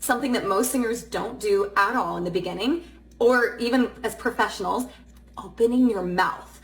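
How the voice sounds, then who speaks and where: A woman's voice: medium pitch, normal speed. A woman vocal coach giving direct, upbeat instructions in a short clip. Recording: roomy echo.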